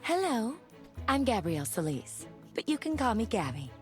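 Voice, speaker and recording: A woman's voice: fairly high pitch, big pitch swings, moderate pace, soft background music. A woman voicing a vain, glamorous former fashion model housewife in a video game, with a boastful manner. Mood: smug. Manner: boastful, smug.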